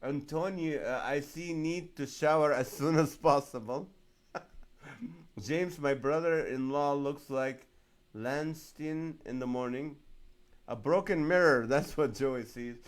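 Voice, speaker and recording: A man's voice: fairly high pitch, slow pace. A male comedian hosting a casual live stream, reading viewer comments aloud and laughing often. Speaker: comedian host of a live show.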